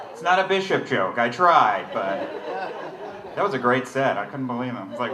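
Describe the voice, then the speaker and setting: A man's voice: mid-range voice, lively intonation, normal speed, recorded from a distance. A man from the United States doing a self-deprecating stand-up set. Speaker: stand-up comedian. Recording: echoey room with clear background noise.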